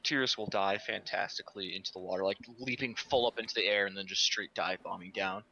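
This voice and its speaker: A man's voice: low voice, fairly even intonation, quick pace, creaky, sharp tone, lo-fi sound, a little hiss or hum. A man playing a tabletop game in casual chat, joking and laughing often. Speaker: player.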